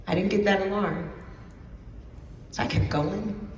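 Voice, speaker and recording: A woman's voice: mid-range voice, fairly even intonation, a little slow, slight background noise. A woman giving an emphatic personal testimony as a keynote speaker at an event, repeating phrases for effect. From New Jersey. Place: event hall. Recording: roomy hall from a distance.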